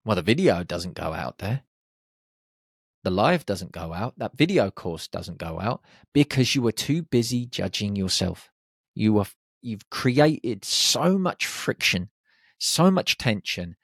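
A man hosting a solo podcast, talking in an animated way and slipping into quick voices for people's inner self-talk. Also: medium pitch, gravelly, husky, dry recording, clean studio sound. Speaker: podcast host.

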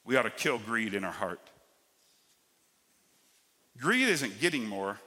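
Bright-voiced man preaching in a reverberant church. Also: fairly low pitch, sing-song. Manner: preaching with big swings between loud emphatic lines and quiet drawn-out ones. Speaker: pastor. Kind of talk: sermon.

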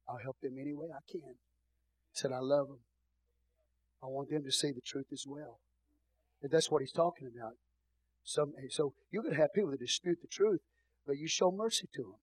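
Texan pastor preaching, booming then hushed. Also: male voice, no room sound, low-quality recording. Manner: swings between booming shouts and soft murmurs. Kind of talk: sermon.

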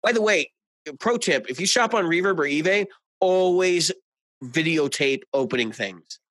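A man co-hosting a podcast, telling stories in a casual, animated way, laughing and swearing as he goes. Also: on the high side, normal speed, no room sound. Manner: animated storyteller, swears freely, laughs often. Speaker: podcast co-host. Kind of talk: casual chat.

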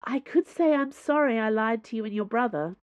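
A woman's voice: a little high, brisk, no echo, lo-fi sound, pitched above the performer's own voice, close to an everyday voice. A woman voicing a young woman fencer with a dry, offhand manner. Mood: wry.

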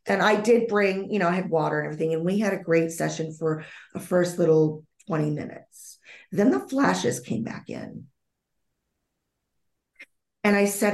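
A woman's voice: on the low side, moderate pace, gravelly, a little mellow, reverberant. A woman being interviewed as a psychic medium, telling a story vividly, acting out the dialogue and often restarting her sentences.

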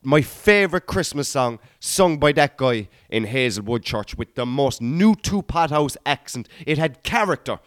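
A Cork comedian in his thirties tells rambling stories on his podcast, speaking straight to listeners and calling them "guys" and "boy." His medium-pitched voice is lively and unhurried with hardly any pauses, captured in clean studio sound with no room noise.

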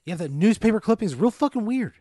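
A man's voice: high voice, sing-song, a little fast, warm tone, dry recording, studio quality. A young man on a comedy podcast, reacting with mock despair and constant swearing as he plays along. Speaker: podcast co-host answering the hypothetical. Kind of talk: improvised comedic banter.

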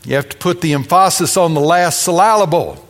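Guy preaching a sermon, bit higher voice, lots of emphasis and jokes, echoey church. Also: moderate pace. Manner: preaching with dramatic emphasis and humorous asides. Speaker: pastor.

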